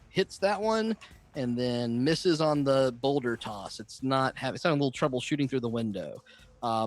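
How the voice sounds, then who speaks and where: A man running a tabletop game as game master, narrating the action with frequent fillers. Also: medium pitch. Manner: descriptive, filler-heavy narration.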